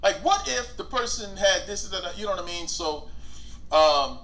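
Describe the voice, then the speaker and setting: A man's voice: high-pitched, normal speed. A man, an actor, talking casually in an interview about acting choices and acting out quotes. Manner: animated, acts out quotes in big voices.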